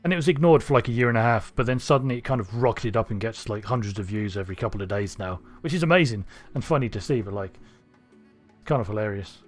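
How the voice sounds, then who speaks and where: Faint music plays behind a fast-talking man with a fairly low voice. He's a Cornish streamer from England with a neutral southern English accent, musing aloud and rambling during casual commentary on his gameplay.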